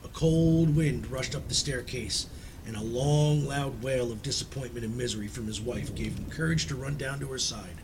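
A man telling a ghost story aloud in a dramatic, suspenseful reading, sinking low and quiet at tense moments. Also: normal speed, noisy background.

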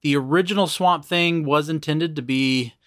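A man's voice: fairly high pitch, moderate pace, dry recording, clean studio sound. A man hosting a podcast, chatting casually and walking through background facts. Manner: relaxed, explains background facts. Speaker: podcast host.

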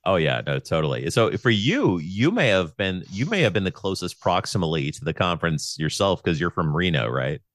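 A man's voice: low-pitched, very animated, fairly quick, few pauses, a bit bright, dry recording. A man hosting a podcast, chatting casually, rambling and joking with lots of fillers. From born in Pennsylvania. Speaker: podcast host. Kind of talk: casual chat.

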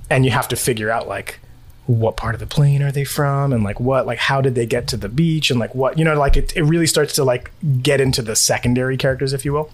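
A man co-hosting a podcast, talking in a chatty, rambling way with many fillers and quick laughs. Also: medium pitch. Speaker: podcast co-host. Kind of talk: casual chat. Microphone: home recording setup.

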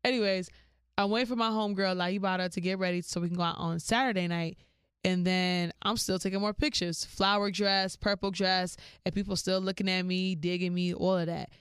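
Woman podcast host, slangy casual storyteller, clean dry mic, smooth voice. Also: fairly quick, no room sound. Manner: animated, slangy, jumps into high-pitched quoted voices.

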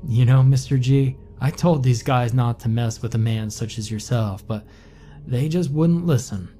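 A man voicing a cowardly teenage boy who pleads in a quivering, frantic voice, pushed high and loud. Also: moderate pace, faint music behind, close to an everyday voice. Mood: pleading.

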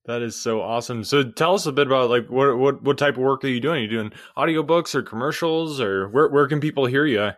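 A man's voice: mid-range voice, fairly quick, few pauses, dry recording. Laughing male podcast host, dry sound. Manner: friendly, laughs easily. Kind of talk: casual interview chat.

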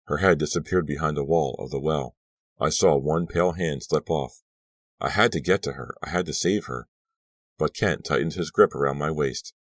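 A man narrating a horror audiobook in a measured, tense reading. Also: very deep voice, no echo, clean studio sound.

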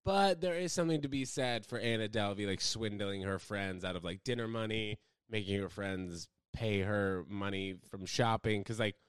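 Animated young American man chatting. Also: normal speed, hardly any pauses, clean tone, no echo, clean studio sound. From United States. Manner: animated, swings between loud outbursts and low mumbles. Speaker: livestreamer. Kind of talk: casual rambling livestream chat.

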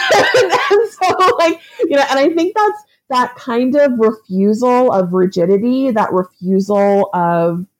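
A woman at a middle pitch talks through her ideas as an interview guest. She is chatty and reflective, dropping in likes and ums and laughing often. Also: darkish tone. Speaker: author and guest. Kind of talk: interview answer.

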